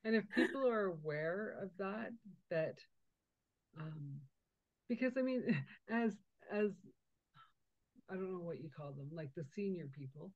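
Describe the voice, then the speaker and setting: A woman hosting a conversational interview, telling stories with lively acted-out dialogue. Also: lowish voice, measured pace, long pauses. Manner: animated storyteller, acts out quoted dialogue. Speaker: podcast host. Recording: dull lo-fi audio.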